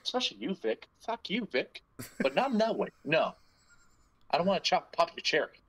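A man's voice: sits high, sing-song, a little fast, a bit bright, rough recording. A man hosting a podcast, rambling and joking crudely in casual banter. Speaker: podcast host.

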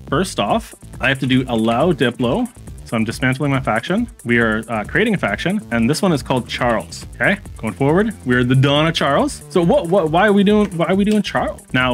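A man with a mid-range voice talks casually over his strategy game stream, chatting with viewers and reacting as he plays. He uses a lot of fillers and often restarts what he's saying.

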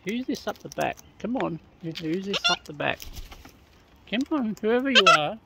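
A woman's voice: mid-range voice, animated, moderate pace, vocal fry, very noisy. An Australian woman outdoors, chatting playfully and affectionately to wild birds she is feeding. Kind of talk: casual chat to birds.

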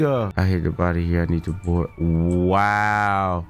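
A man hosting a gaming video, giving casual, slangy let's-play commentary and yelling in fright. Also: sits low, unhurried, faint music behind. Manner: excitable, yells in fright, slangy.

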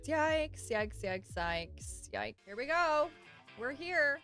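A woman with a high, bright voice reacts live on her stream, her pitch leaping all over the place as she exclaims and laughs. She talks in a loose, casual way from her home. Faint show music plays underneath her. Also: slow. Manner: highly expressive, exclaiming and laughing.

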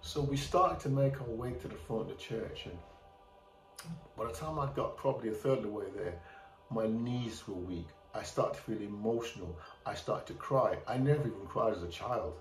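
A man's voice: lowish voice, moderate pace. A middle-aged man from England giving a candid, plain-spoken personal testimony in a church. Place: church hall. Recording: roomy church hall from a distant mic, faint music.

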